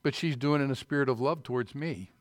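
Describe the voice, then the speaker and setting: A man's voice: medium pitch, fast talker, no room sound. Emphatic preaching man, dry close sound. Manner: emphatic preaching with rising bursts and asides. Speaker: pastor. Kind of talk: sermon.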